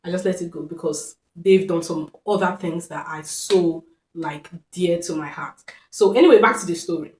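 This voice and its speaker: A woman speaks to her viewers in an earnest, reflective way, circling back to key phrases for emphasis as she tells a personal story. Her voice sits a little low for a woman. The room around her adds a noticeable echo. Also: moderate pace, darkish tone. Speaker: vlogger. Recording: roomy echo.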